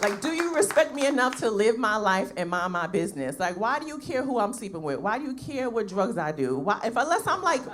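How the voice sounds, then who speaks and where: A woman's voice: medium pitch, big pitch swings, brisk, hardly any pauses, fairly bright tone, some chatter behind, slight background noise. A woman comedian from New performs a stand-up set in a brash, profane, conversational way, often tossing in tag questions. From New York.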